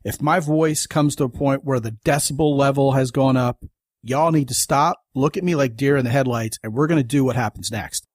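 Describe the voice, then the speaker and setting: A man's voice: mid-range voice, brisk, no echo, studio quality. A man hosting a podcast, talking in an emphatic, folksy way in casual conversation. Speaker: podcast host.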